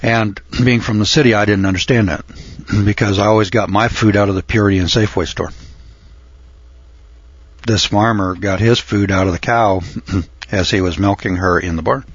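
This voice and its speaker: An older man telling a folksy, rambling story from his youth, often pausing with uh and clearing his throat. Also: lowish voice, fairly even intonation, dry recording, dull audio. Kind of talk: folksy spoken reminiscence.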